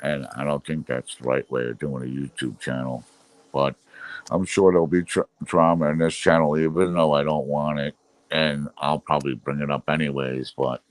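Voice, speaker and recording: Very deep-voiced man chatting on a livestream. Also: no echo. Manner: rambling, frustrated, many fillers. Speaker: livestream host. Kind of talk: casual live chat reading viewer comments.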